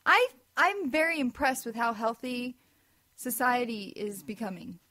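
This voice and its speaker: Female co-host from Missouri, high voice, chatty, reactive. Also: animated, pushed and bright. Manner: chatty, reacts with laughs and quick asides. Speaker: podcast co-host. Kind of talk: casual chat.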